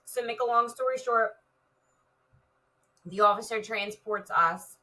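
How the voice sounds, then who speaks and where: A woman's voice: fairly high pitch, a little slow, bright, forceful tone, distant mic, low-quality recording. A woman, a retired police officer, recounting a personal story in an interview, vividly and with many "like" fillers.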